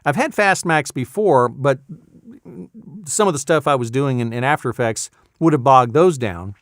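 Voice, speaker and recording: A man's voice: medium pitch, lively intonation, normal speed, a bit bright, no room sound, studio quality. A man who works as a voice actor, chatting casually in a rambling, self-amused way and getting sidetracked easily. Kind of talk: casual talking-head vlog.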